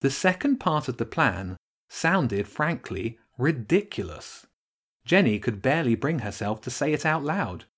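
A man narrating a children's storybook with expressive storytelling. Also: medium pitch, measured pace, breathy edge. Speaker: audiobook narrator. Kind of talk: scripted narration.

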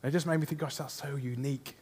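A man's voice: fairly high pitch, steady tone, fast talker, a little mellow, breathy edge. A man preaching a sermon, earnest, often asking his listeners questions. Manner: earnest, asks the congregation rhetorical questions.

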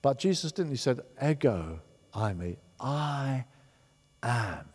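Animated preaching man in echoing hall. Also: mid-range voice, slow, slightly rough. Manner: animated preaching, emphatic, repeats words. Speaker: pastor. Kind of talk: sermon. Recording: long hall reverb.

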